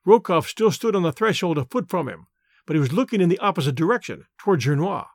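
Audiobook narrator: a man, measured delivery, dry close recording. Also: on the high side, animated, no room sound. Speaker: audiobook reader. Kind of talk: scripted narration.

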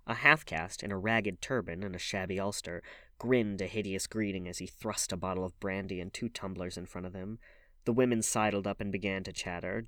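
A male audiobook reader with a low-pitched voice and a measured, even delivery. The sound is dry and close, with no room around it. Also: no echo. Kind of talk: scripted audiobook narration.

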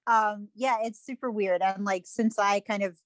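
A woman's voice: mid-range voice, fairly even intonation, moderate pace, dry recording. A woman guest on a podcast, musing wryly in casual chat with lots of fillers. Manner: wry, musing, loose talk full of fillers.

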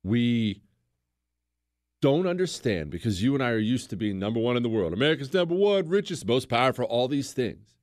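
A man's voice: medium pitch, brisk, dry recording, studio quality. An American man hosting a political talk show, speaking emphatically and acting out quotes. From United States. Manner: animated, emphatic, acts out quotes.

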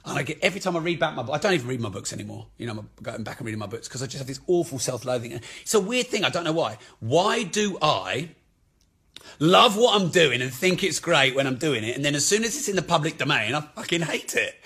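A man's voice: a little high, big pitch swings, quick pace, bright, forceful tone, husky. A man who speaks frankly and swears freely, giving a candid motivational talk about his business life.

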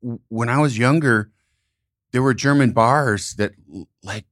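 A middle-aged man from Illinois, hosting a podcast and telling rambling, animated stories in casual conversation. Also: medium pitch, measured pace, no echo, clean studio sound. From Illinois, United States. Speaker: podcast host.

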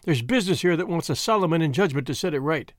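A man voicing a stern, domineering older lodge boss who speaks in a loud, hearty way. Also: fairly high pitch, lively intonation, quick pace, dry recording, studio quality, lightly acted.

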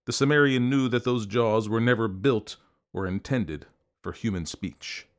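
A man narrating an audiobook in a measured, expressive storytelling manner. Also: on the low side.

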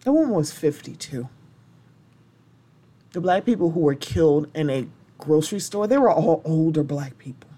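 Low-pitched and dark-toned, this woman hosts a solo podcast at a moderate pace. She's expressive, impassioned, and blunt, not holding back on strong language.

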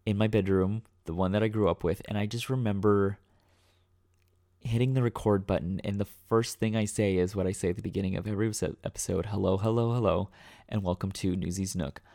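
A man's voice: on the low side, steady tone, quick pace, dark tone, no echo, studio quality. A man hosting his own podcast, talking casually off the cuff with many fillers and restarts. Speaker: podcast host. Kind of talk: casual solo podcast talk. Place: home room.

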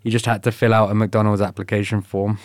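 Laughing, swearing storyteller man, low voice. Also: level tone, quick pace, no room sound, clean studio sound. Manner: laughs often, swears, quotes others in retold dialogue. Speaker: guest. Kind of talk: casual interview storytelling.

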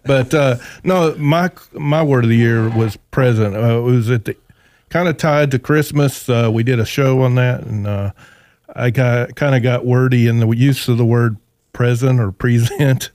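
A male podcast co-host talking earnestly and haltingly, with many fillers, as he sets up a film clip. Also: mid-range voice, a little mellow, dry recording. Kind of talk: casual studio chat.

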